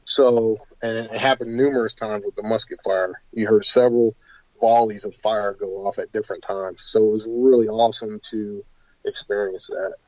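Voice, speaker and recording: A man being interviewed about paranormal investigations, telling stories in an animated, hesitant way full of fillers. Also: fairly low pitch, moderate pace, no echo, lo-fi sound. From United States. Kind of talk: casual interview storytelling.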